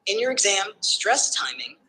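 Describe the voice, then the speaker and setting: A synthetic assistant voice explaining phonetics like a tutor, in calm, structured steps that end by checking understanding. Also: mid-range voice, normal speed, slight background noise, low-quality recording.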